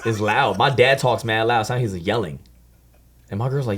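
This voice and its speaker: A man's voice: fairly low pitch, normal speed, fairly bright tone, slight background noise. A young man chatting casually in a group, telling laid-back, slangy stories. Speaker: student or staff member.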